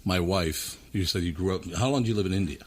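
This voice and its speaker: Husky low-voiced podcast host. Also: male voice, fast talker. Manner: swears freely, teasing. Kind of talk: casual chat.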